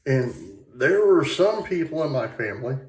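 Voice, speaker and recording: A shaving vlogger from Michigan, USA, speaks at normal speed in a medium-pitched, sing-song voice with a darkish tone, meandering through a casual chat full of fillers and restarts. It's recorded in an echoey bathroom with faint tap water.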